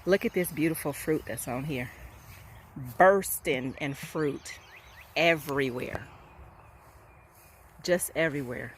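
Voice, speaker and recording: A woman with a low-sitting voice speaks slowly and pauses often as she chats to a handheld phone camera outdoors on a hillside farm; a faint hiss or hum runs underneath. As a homestead vlogger, she's upbeat and talkative in her casual talk to camera, constantly saying "y'all."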